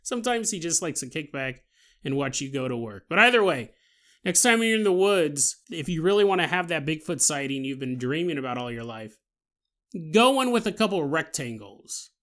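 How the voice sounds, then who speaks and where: A man's voice: a little high, expressive, a little fast, a bit bright. A man hosting a podcast, riffing through a comedic monologue and laughing often as he acts out silly scenes. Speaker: podcast host.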